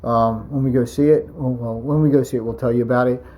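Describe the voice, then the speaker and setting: A young man co-hosting a couple's vlog in relaxed, earnest casual chat, restarting his sentences as he goes. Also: medium pitch, fast talker. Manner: laid-back, earnest, rambling restarts. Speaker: vlog co-host.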